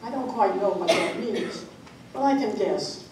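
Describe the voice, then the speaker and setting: A woman's voice: mid-range voice, animated, measured pace, close to an everyday voice. A woman voicing a folksy small-town stage manager who speaks plainly and chattily to the audience in an amateur play reading. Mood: easygoing. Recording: echoey room, mic far off, background noise.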